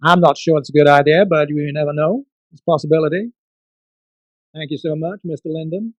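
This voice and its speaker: A man reading his comic poems at a book launch, theatrical, swinging from loud outbursts to soft murmurs. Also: a little high, fairly even intonation, fairly quick, no room sound, dull audio. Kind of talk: comic poetry reading and casual asides.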